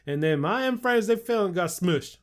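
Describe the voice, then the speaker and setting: A man voicing a grumbling rural country man with a put-on West Virginia hillbilly accent, loud and high. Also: expressive, normal speed. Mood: exasperated. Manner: loud, raised pitch, storytelling.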